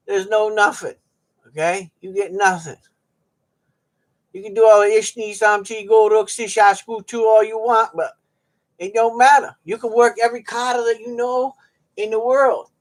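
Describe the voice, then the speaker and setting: A middle-aged streamer rambling at home in a folksy, joking way to viewers. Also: mid-range voice. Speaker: live streamer chatting with viewers. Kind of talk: rambling casual chat to viewers. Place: at home on a cold day.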